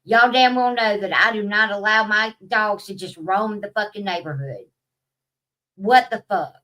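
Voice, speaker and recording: Woman vlogger, casual rant, bright and slightly high, swears freely, distant from the mic. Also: normal speed. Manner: profane, blunt, rambling.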